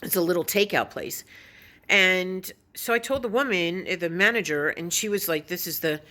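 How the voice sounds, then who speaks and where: Blunt, opinionated woman vlogger, lowish voice. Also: normal speed, bright, forceful tone. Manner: opinionated, storytelling, blunt with occasional swearing. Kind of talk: casual vlog monologue.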